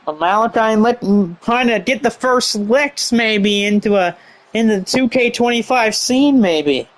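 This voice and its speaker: A man's voice: high-pitched, unhurried, fairly bright tone. A man doing rambling play-by-play commentary on a wrestling show, heavy on fillers.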